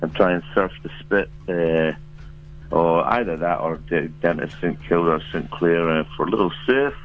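A man's voice: sits low, moderate pace, dull audio, a little hiss or hum. A man with a New Zealand accent, a musician and actor, chatting loosely by phone with lots of fillers and restarts. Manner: laid-back, rambling, many fillers and restarts. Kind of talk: casual phone interview. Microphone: phone line.

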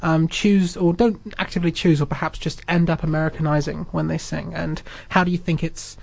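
A young man with a New Zealand accent hosts a radio interview in a voice that sits a touch high. He is easygoing and chatty, and his long questions circle around before he gets to the point. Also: steady tone, a little fast, creaky, no echo. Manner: chatty, friendly, rambling questions. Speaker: radio host.

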